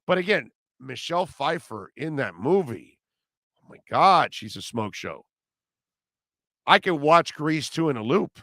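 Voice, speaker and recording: A man's voice: a little high, very animated, a little slow, a bit bright, no room sound, studio quality. A man hosting a sports radio show, rambling and joking loosely about old movies. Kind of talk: casual sports talk.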